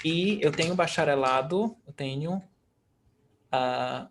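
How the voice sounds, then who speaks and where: Teaching Portuguese in an online class by video call, a Brazilian-accented man moves patiently and slowly between English and Portuguese. He pitches his voice a little above the typical male range and lingers over every word, with a bit of background noise.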